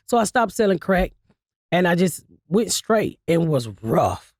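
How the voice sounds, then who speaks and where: Woman comedian, 50s, gravelly voice, lively swooping pitch, profane blunt storytelling, dry close sound. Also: brisk, no room sound. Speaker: comedian guest. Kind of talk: casual interview storytelling.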